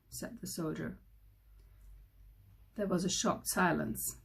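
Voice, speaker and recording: A woman teacher reading a children's story aloud, slowly and carefully. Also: fairly low pitch, very animated, gravelly, slightly rough. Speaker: school teacher.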